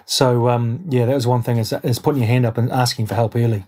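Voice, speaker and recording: A man from New Zealand with a New Zealand accent, a guest in an interview, telling his story in an animated, rambling way with many restarts. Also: medium pitch, fast talker. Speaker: guest, airline pilot and adventurer.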